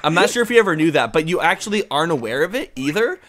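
A young man with a slightly high voice rambles and jokes crudely while playing a game in his bedroom. Faint music runs underneath his talk. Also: very animated, rapid-fire, fairly bright tone. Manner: joking, rambling, crude humor. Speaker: gaming YouTuber. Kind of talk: casual gameplay banter.

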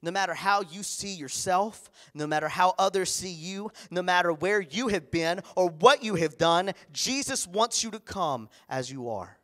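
Animated male pastor preaching. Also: high voice, normal speed, few pauses. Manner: animated preaching, acts out voices of others. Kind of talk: sermon. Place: church.

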